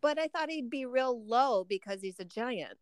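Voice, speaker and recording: A woman co-hosting a podcast in casual chat, animated and quick to laugh. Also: on the high side, dry recording, studio quality. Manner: chatty, laughs often, animated. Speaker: podcast co-host.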